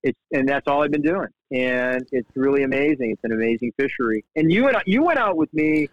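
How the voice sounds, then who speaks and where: A middle-aged man spins a casual, rambling story, jumping in pitch whenever he quotes someone. His voice sits at an ordinary middle pitch, recorded dry and close with a slightly muffled, dull tone. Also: a little fast, no echo. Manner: animated, restarts often, quotes people in lively voices. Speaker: guest, shark fly fisherman.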